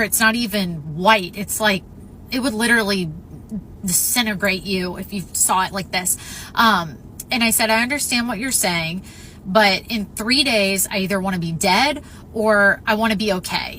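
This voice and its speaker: Earnest bright-voiced woman testifying. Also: medium pitch, a little hiss or hum. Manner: earnest, emphatic, with frequent "um" and "if you will". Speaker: storyteller sharing a near-death experience. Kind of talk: personal testimony.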